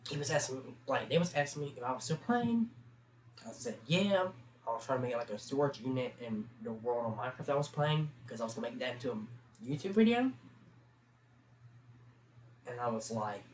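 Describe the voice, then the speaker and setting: A man's voice: mid-range voice, lively intonation, brisk. Chatty teenage guy rambling on stream. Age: teens. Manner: chatty, loose, full of fillers. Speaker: livestream host. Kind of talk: casual rambling storytelling. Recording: roomy sound with faint background hum.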